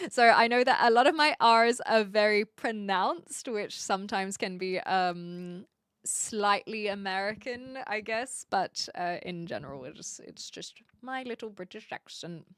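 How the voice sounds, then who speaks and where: A woman's voice: mid-range voice, measured pace, fairly bright tone, clean tone, no room sound, studio quality. A woman from New Zealand chatting casually with viewers as a streamer, restarting her words often as she talks. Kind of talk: casual chat answering viewers.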